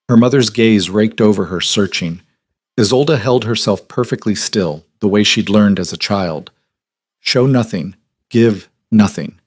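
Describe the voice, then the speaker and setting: A man narrating a historical romance audiobook in an even, measured storytelling manner. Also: fairly low pitch, no echo.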